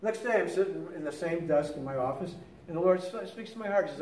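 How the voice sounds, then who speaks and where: Older male lay teacher, chatty storyteller full of restarts, higher pitch, faint room hum behind. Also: expressive, quick pace, a little mellow, roomy sound, distant mic, rough recording. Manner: conversational storytelling with many restarts. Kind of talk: teaching talk on prayer.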